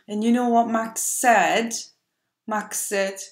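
A woman teaching young children phonics, stretching each letter sound very slowly. She speaks in a gentle storytelling way, and her voice echoes in a roomy space. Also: a little high, fairly even intonation. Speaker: preschool teacher.

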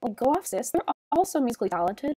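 A tearful, sniffly young woman talks on a gaming stream in a soft, halting ramble full of fillers. Her voice sits a little high, and the sound is close and dry with no room around it. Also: big pitch swings, husky, no room sound. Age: young adult. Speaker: livestreamer. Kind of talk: casual stream chat while gaming.

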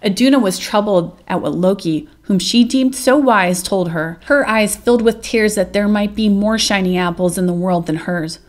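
A woman reading an old myth aloud as a narrator, gentle and measured. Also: mid-range voice. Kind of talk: storybook read-aloud narration.

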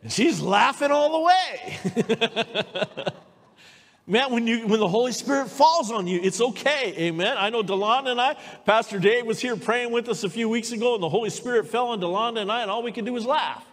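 Animated woman preaching in a reverberant hall. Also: a little high, normal speed. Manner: lively storytelling, calls for amens. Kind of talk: sermon. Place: church sanctuary.

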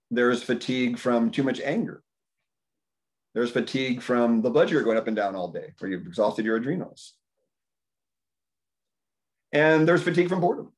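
A fiftyish man, a health practitioner, addresses an indoor community dinner in a casual, wandering way. He tells lively stories and plays out his own thoughts in a higher voice.

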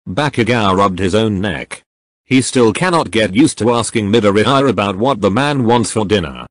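A man reads fan fiction narration in a plain, matter-of-fact way. His voice sits fairly low but moves a lot in pitch. The recording is close and dry. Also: animated, moderate pace, no echo.

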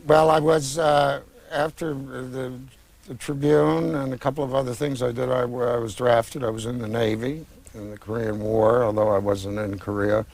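A man's voice: mid-range voice, steady tone, gravelly, a little mellow. Older guy author talking about his books, rambly, lots of uhs and restarts. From United States. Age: 60s. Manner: reflective, meandering with many pauses and restarts. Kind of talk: conversational interview.

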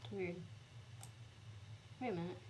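A young woman giving chatty, excitable commentary while playing a computer game, with sudden high squeals. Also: a little slow, a little hiss or hum. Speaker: gamer. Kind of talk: casual gameplay commentary.

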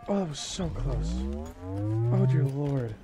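A young man casually commenting on his own shooter gameplay in a goofy, rambling way, breaking into excited yelps. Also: mid-range voice, slow pace, gravelly. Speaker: gameplay streamer.

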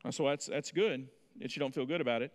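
A man in his thirties preaching a sermon in a church, telling folksy stories with lively energy. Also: medium pitch, fast, in a large hall. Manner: folksy storytelling, animated. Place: church sanctuary.

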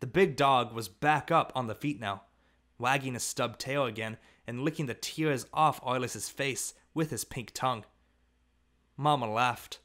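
A man reads a novel aloud as audiobook narration. His voice sits at an ordinary middle pitch, steady and measured. He tells the story plainly. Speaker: audiobook reader.

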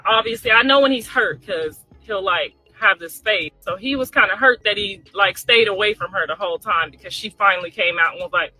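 A middle-aged woman casually telling a family story, chatty and animated, talking straight to her listeners. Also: mid-range voice, fairly quick, hardly any pauses, dry recording, faint music behind, low-quality recording.

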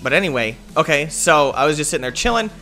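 This gaming host, a young man, talks fast in a fairly high, bright, pushed voice with plenty of expression. While he plays, he drifts through a casual, meandering story full of "uh" and "like," half commentary and half storytime.

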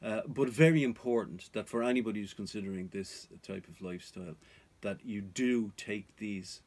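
A man's voice: lowish voice, normal speed, darkish tone. A man vlogging about off-grid life, talking to viewers in an earnest, cautionary way. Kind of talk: casual advice to viewers.

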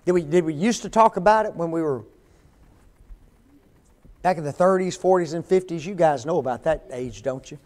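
A high-voiced older man preaches a sermon in a church. He talks in a folksy, conversational way and keeps putting questions to the congregation. When he reads scripture he slows down and leans on the words. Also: a little mellow. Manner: reads scripture slowly and emphatically. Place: church sanctuary.

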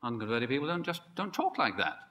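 A man preaching a sermon, emphatic and building to excited peaks. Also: mid-range voice, a little fast, slight background noise. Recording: long hall reverb.

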